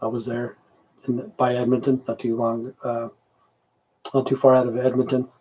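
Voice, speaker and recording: A man's voice: medium pitch, monotone, normal speed, warm tone, husky. A middle-aged man chatting casually on a livestream, answering viewers' comments, rambling, swearing and losing his train of thought. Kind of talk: casual live-stream chat.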